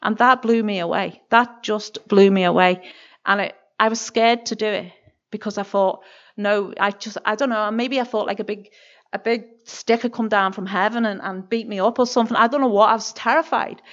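A woman's voice: mid-range voice, fairly even intonation, moderate pace, lo-fi sound. A woman with a Northern Irish accent giving an earnest, emotional personal testimony in church, often stopping and restarting her sentences.

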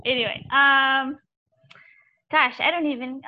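A woman's voice: sits high, moderate pace. Giggly young woman, lo-fi mic. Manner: giggly, animated, swears casually. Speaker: podcast co-host. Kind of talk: casual chat. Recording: dull lo-fi dry mic.

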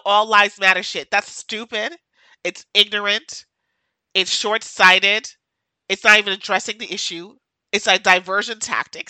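Woman podcast host going off in an impassioned rant, keeps repeating herself for emphasis, super bright tense voice, dry sound. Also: medium pitch, fairly even intonation, moderate pace, no room sound, rough recording. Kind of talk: emotional solo podcast monologue.

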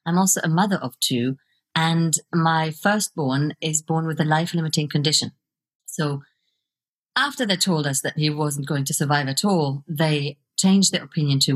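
A woman's voice: low voice, slightly rough. A middle-aged woman, a video coach and author, speaking as a guest in a podcast interview in an earnest, reflective way. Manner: reflective, earnest, laughs easily.

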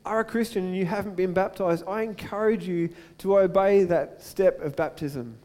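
Earnest high-voiced preacher. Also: male voice. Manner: earnest, swings between loud urgent build-ups and slow soft appeals. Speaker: pastor. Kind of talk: sermon.

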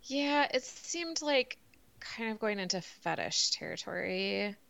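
A woman's voice: medium pitch, expressive, a little slow, gravelly, a bit bright. A woman co-hosting a podcast in casual chat, frank and wry. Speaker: podcast co-host.

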